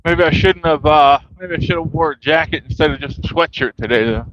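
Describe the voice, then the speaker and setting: A vlogger walks outside in a cold wind, phone held at arm's length, ranting angrily to his livestream with plenty of swearing and folksy "y'all" talk. His voice is fairly high, fairly quick and fairly bright, though the audio sounds dull.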